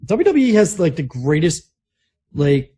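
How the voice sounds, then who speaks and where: Husky-voiced man rambling in casual chat. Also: fairly high pitch, very animated, measured pace, dark tone. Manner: rambling, heavy on "like" fillers. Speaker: podcast co-host.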